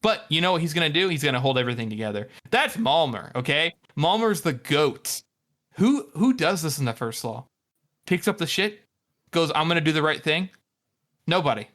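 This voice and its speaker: A man co-hosting a book podcast, telling animated stories and swearing freely. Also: fairly high pitch, normal speed. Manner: profane, animated storytelling. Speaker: podcast co-host. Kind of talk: casual book discussion.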